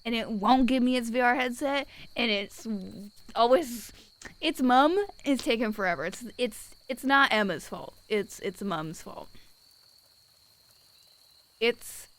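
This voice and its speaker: A young woman chats casually on a live stream, blunt and wry as she reads out viewers' comments. Her voice sits a little high and sounds smooth and clear. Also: takes it slowly, a bit bright. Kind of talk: casual chat, reading out live chat.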